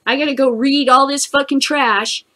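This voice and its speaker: A woman's voice: high-pitched, steady tone, pushed and bright. An American woman hosting a cannabis news show, ranting angrily about the news with heavy cursing. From United States. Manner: angry, heavy cursing, fast bursts. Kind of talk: profane ranting commentary.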